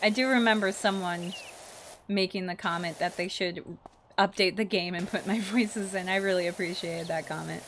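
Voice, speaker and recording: A woman's voice: on the low side, fairly even intonation, moderate pace, a bit bright, a little hiss or hum. Chatty young woman streamer. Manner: chatty, answers chat, acts out characters. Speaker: streamer and voice actor. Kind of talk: casual livestream chat.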